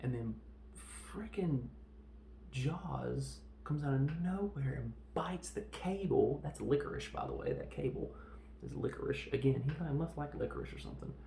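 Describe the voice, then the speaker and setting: A man's voice: medium pitch, lively intonation, moderate pace, vocal fry, dark tone. A man casually recapping a film as a podcast host, rambling and acting out characters' lines with sound effects. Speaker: podcast host reviewing films. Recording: roomy echo, faint background noise.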